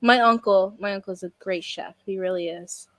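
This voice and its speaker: A woman's voice: mid-range voice, normal speed, no room sound. A woman hosting a casual chat stream who babbles on and swears freely. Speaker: streamer host.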